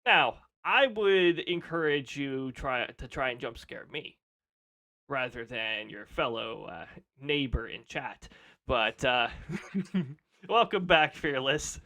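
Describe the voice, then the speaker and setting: A man's voice: medium pitch, lively intonation, takes it slowly, sharp tone. A man chatting casually on a live stream, laughing often and reading off weather details.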